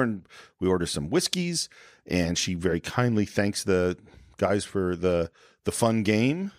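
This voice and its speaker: Male podcast co-host, low register, very animated, dry close mic, casual scene recap. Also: normal speed, no echo. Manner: animated retelling of scenes, acting out quotes. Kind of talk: casual film discussion.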